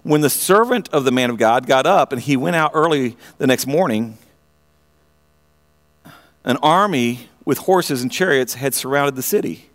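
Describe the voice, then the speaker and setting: A man preaching a sermon, retelling a story in an animated way, often restarting his phrases and asking his listeners direct questions. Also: mid-range voice, moderate pace. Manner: animated storytelling with frequent repeated starts; asks the audience direct questions.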